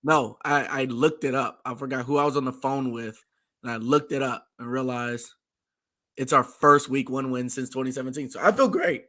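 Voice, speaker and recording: A man with a hoarse, worn-out voice talks casually as a co-host. His tone is bright and forceful even through the rasp. He is excitable and laughs often. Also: medium pitch, normal speed. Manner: excitable, laughing fan talk. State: hoarse, voice nearly gone. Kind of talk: casual chat.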